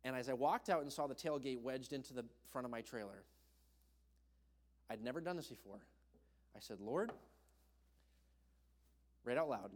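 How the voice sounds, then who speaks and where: A young man preaching, telling a personal story in an animated way and acting out the voices of the people in it. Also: medium pitch, moderate pace, pauses often. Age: young adult. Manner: animated, acts out voices in his stories. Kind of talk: storytelling sermon. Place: church hall. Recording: long hall reverb.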